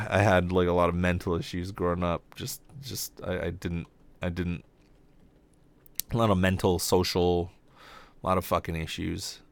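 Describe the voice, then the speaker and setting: A young man hosting a comedy podcast, ranting casually and profanely, his voice jumping high when he gets exasperated. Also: vocal fry, clean tone, no echo.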